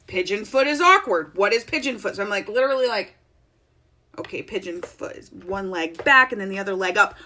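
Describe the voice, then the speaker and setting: Bright, lively woman telling stories. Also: medium pitch, a little fast. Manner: animated, laughing, chatty storytelling. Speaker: network-marketing business leader and vlogger. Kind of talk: casual vlog storytelling. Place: home office.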